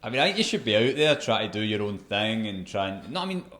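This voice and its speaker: A man's voice: lowish voice, big pitch swings, fast talker, fairly bright tone. A young man co-hosting a podcast, talking earnestly and reflectively in casual chat. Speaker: podcast co-host.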